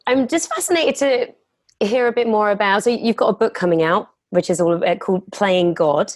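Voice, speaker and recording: A woman's voice: mid-range voice, a little fast, no room sound, clean studio sound. A woman hosting an interview, asking searching questions and circling back as she phrases them. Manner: reflective, searching questions with restarts. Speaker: interview host. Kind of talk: conversational interviewing.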